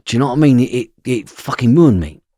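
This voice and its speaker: Middle-aged guy on a podcast, husky, dead dry sound, swears a lot, keeps going "know what i mean". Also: medium pitch, lively intonation, quick pace, dark tone, no room sound. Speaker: podcast guest. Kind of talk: intense first-person storytelling.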